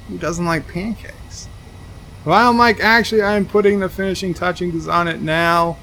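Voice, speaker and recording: A man's voice: sits high, normal speed, bright, forceful tone, slight background noise. A man streaming a game, reading chat messages aloud and answering them with dry asides. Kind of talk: casual livestream commentary.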